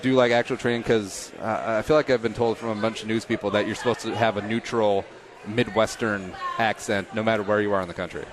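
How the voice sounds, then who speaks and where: A man in his thirties hosting a casual interview, joking and self-deprecating with quick asides. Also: fairly low pitch, fairly even intonation, crowd noise. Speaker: podcast host.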